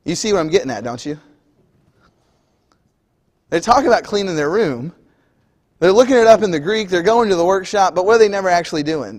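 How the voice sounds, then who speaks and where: High-voiced preacher in a reverberant hall. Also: male voice, darkish tone. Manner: conversational, acts out everyday scenes. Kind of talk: sermon. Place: church auditorium.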